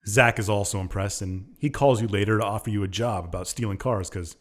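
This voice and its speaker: A man with a somewhat low voice co-hosts a casual podcast. He recaps a game plot in a loose, rambling way, stopping often on fillers as he searches for words. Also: fairly quick. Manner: rambling, hesitant with many uhs. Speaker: podcast co-host.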